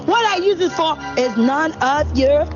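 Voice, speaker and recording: A woman acting a brash young woman who dodges a debt, loud and mocking, in a comedy skit. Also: high voice, animated, a little slow. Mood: defiant, mocking. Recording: dull clip with music. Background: music.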